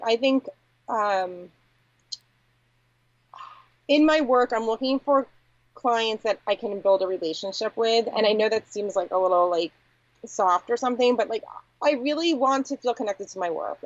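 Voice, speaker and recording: A woman's voice: on the high side, dry recording. Candid woman guest, dry dull audio. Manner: candid, reflective, frequent "like" and "you know". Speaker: agency founder, podcast guest. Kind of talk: conversational interview.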